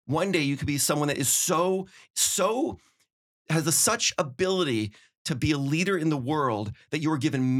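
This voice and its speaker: A middle-aged man telling stories in casual conversation, animated, acting out quotes as he goes. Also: on the high side. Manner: fast, animated storytelling with acted-out quotes. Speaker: podcast guest, winery owner.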